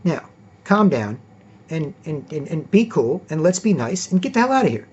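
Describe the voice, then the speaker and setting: A man's voice: a little high, very animated, normal speed, a little mellow, husky. A man giving a rambling, emphatic vlog monologue, swearing freely and ending his points with "right?". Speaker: vlogger. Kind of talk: casual lecturing monologue. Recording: dull lo-fi recording.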